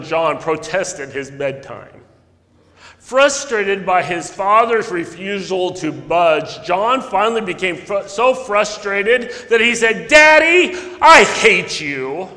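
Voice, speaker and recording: A male pastor preaching a sermon, telling stories earnestly, with sudden loud emphasis and soft drops. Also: high voice. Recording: long echo of a large hall.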